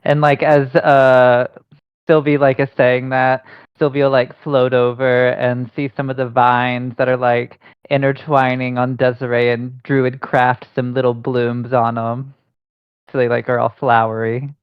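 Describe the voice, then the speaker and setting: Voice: medium pitch, little pitch movement, measured pace, smooth, dry recording. Teasing player, dry and dull-toned. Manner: teasing, playful. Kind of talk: in-character tabletop role-play.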